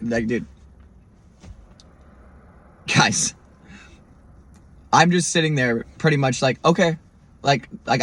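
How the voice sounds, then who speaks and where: A young man hosting a podcast, telling a story in an animated, profane way and mimicking the people in it. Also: mid-range voice, breathy edge. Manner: animated, profane, mimics others in quoted lines. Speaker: podcast host. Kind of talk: storytelling monologue.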